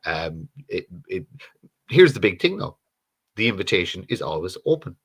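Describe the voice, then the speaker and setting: A man's voice: low voice, sing-song, moderate pace, a bit bright, breathy edge. A middle-aged Irish man co-hosting a live stream chat, blunt and profane, restarting his sentences as he talks. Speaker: co-host.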